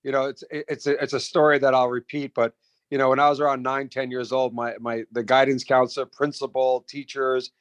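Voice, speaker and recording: A middle-aged man telling stories in a casual interview, animated, with many restarts and repeated words. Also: mid-range voice, a little fast, no room sound, muffled recording. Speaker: restaurant founder and guest.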